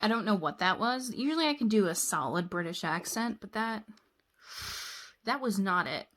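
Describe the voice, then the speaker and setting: A woman's voice: mid-range voice, expressive, moderate pace, a bit bright. A woman chatting casually through a makeup tutorial, rambling a little and teasing herself. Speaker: makeup vlogger.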